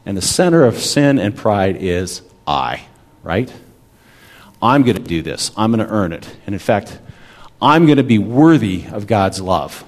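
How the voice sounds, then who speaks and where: A man's voice: on the low side, very animated, a little slow. Conversational male pastor preaching. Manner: conversational, asks the congregation "right?" often. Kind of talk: sermon.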